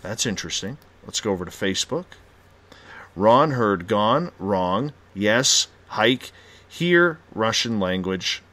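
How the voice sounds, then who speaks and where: A male radio host running a live call-in show, haltingly reading listener reports one after another. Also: fairly low pitch, lively intonation, pushed and bright.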